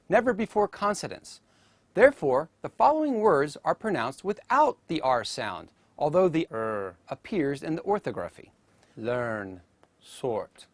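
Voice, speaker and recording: This is a medium-pitched teacher reading a scripted educational narration with no room sound. Each word comes out careful and deliberate, and example sounds are spoken aloud as models.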